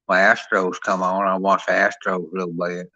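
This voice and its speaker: A man's voice: sits low, flat delivery, moderate pace, pushed and bright, no room sound, full character voice. A man voicing a folksy, simple rural hick who drawls and repeats himself. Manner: drawling, repetitive country talk. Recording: dull lo-fi sound.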